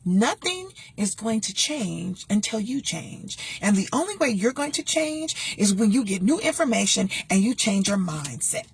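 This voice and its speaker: A woman's voice: medium pitch, big pitch swings, measured pace, hardly any pauses, husky. A woman hosting her own show, giving emphatic, blunt advice and telling a personal story in a casual monologue. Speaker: talk show host and former radio DJ.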